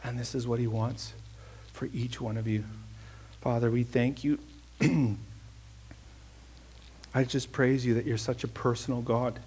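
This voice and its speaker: A man's voice: medium pitch, level tone, a little slow, long pauses, a little mellow, breathy edge. A man preaching a conversational sermon, telling a personal story with earnest emphasis and then leading a prayer.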